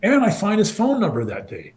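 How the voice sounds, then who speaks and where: A man in his sixties from California, a former football player telling his story in an animated way and acting out the people he quotes. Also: high-pitched, a little fast. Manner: animated, acts out quoted voices. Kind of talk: casual storytelling interview. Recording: roomy echo.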